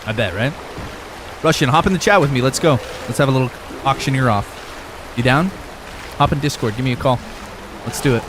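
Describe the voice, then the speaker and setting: A man's voice: mid-range voice, brisk, long pauses, noisy background. A young man live streaming a game, chatting loosely with his viewers, rambling and swearing a lot. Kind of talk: casual live stream chat.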